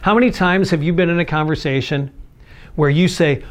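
A man preaching a sermon, earnest and conversational, with a slightly higher voice than most men. He slips into little acted-out quotes to make his points. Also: a little fast. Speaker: pastor.

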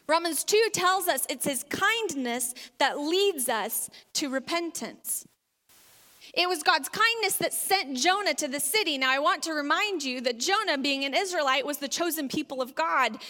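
Woman preacher, high and bright, lively conversational sermon, reverberant hall. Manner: animated, conversational, acts out little quoted scenes. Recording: long reverb of a large hall.

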